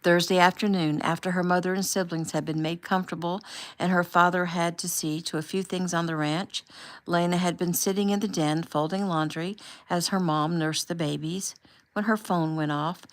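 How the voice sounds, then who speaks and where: A woman reading her own novel aloud in a casual, relaxed, conversational manner. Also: lowish voice, normal speed.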